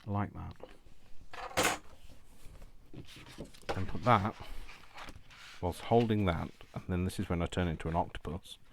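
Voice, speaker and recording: A man's voice: low-pitched, takes it slowly, gravelly, long pauses, background noise. A man chatting casually while he crafts at home, rambling and self-deprecating and laughing often. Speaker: crafting YouTuber.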